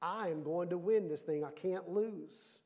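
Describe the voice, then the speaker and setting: A man's voice: high voice, measured pace, a little mellow, long reverb tail. A man preaching, speaking as an imprisoned apostle who keeps repeating that he will not give up. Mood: determined. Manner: emphatic, repeating lines.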